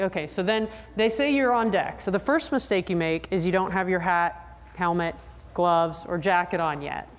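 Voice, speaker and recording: A woman giving a conference lecture to riders, lively and often checking in with the audience. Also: medium pitch, in a large hall. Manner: acts out riders' and trainers' voices. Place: convention lecture hall.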